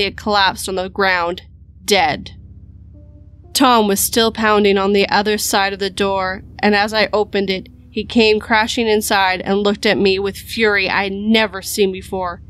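A woman host reading a horror story aloud in a measured, dramatic storytelling style. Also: medium pitch, a bit bright. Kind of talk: scripted horror narration.

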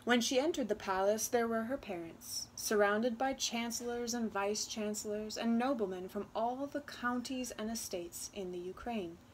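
A woman reading a children's storybook aloud, expressive and unhurried. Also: a little high, a little hiss or hum. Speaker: children's book reader.

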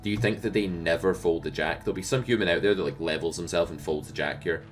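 A man teaching poker strategy, explaining in a lively way and asking the viewer rhetorical questions. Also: rumbling low, fast, few pauses, faint music behind. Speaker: poker coach.

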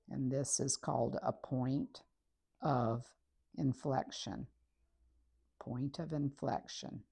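A woman with an extremely low, creaky voice and a breathy edge leads a recorded math lesson. Working on a graph, she writes as she talks through each step in a steady, methodical manner.

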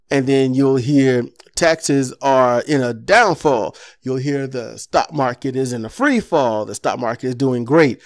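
A man's voice: mid-range voice, measured pace, few pauses. A man delivering an impassioned political commentary monologue, ranting with rhetorical questions.

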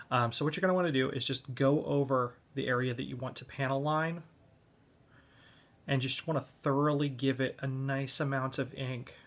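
A man's voice: mid-range voice, steady tone, fairly quick, fairly bright tone. A man giving a hobby tutorial on model kits, explaining each step in a laid-back way.

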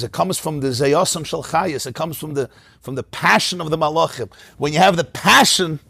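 A man's voice: mid-range voice, a bit bright, husky. A man, a rabbi, teaching a Torah class in a study hall, talking passionately and animatedly and often laughing mid-sentence.

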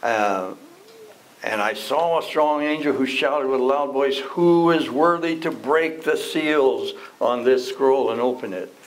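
Slow, unhurried Bible class teacher. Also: male voice, mid-range voice, rough recording. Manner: unhurried, conversational, asks the class questions. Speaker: Sunday school teacher. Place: church classroom.

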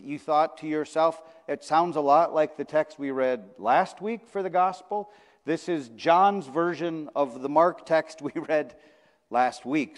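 A male pastor preaches in a church sanctuary, his fairly high voice carried by a long hall reverb. His sermon style is conversational, and he often repeats phrases for weight.

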